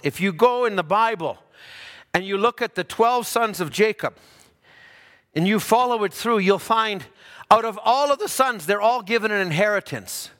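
A man preaching a sermon, dropping low for asides and rising loud for emphasis. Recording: hall reverb.

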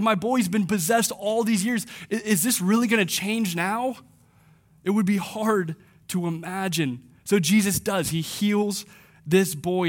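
Guy with a fairly high voice preaching, chatty, slows way down on key points. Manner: conversational preaching, slows for emphasis. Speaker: pastor. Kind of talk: sermon.

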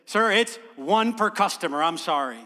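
A man playing a stern woman serving chicken who flatly refuses requests. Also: sits high, normal speed, long reverb tail. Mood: firm. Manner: firm, matter-of-fact. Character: stern, unflappable lunch lady.

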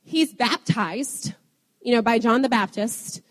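Animated young woman preaching, hall echo. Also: a little high, slow pace. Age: young adult. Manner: animated, laughs often at herself. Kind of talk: sermon. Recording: long hall reverb.

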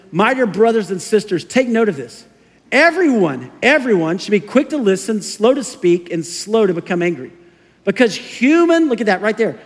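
High-voiced male pastor in a reverberant hall. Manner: conversational storytelling with quick acted asides. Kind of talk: sermon. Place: church sanctuary.

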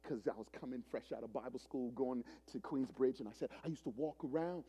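A man in his forties preaching a sermon as a pastor, telling a story dramatically, swinging from loud preaching to hushed retelling. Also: medium pitch, brisk, slightly rough. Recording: long hall reverb.

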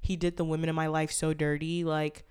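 A woman's voice: deep voice, little pitch movement, a little fast, a little mellow, clear, resonant tone. A young woman in her twenties hosting a casual solo podcast, talking candidly and rambling with lots of fillers and swearing. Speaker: podcast host.

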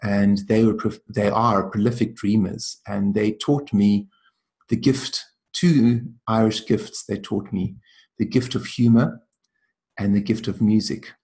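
Low gravelly-voiced man telling stories. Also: fairly even intonation, measured pace, darkish tone. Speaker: interview guest, traditional healer. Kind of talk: reflective storytelling.

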